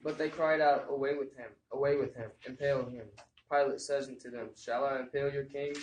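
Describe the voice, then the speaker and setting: A man's voice: medium pitch, steady tone, brisk, a little mellow. Man reading scripture in an echoey room. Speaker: scripture reader at a gathering. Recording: echoey room with faint noise.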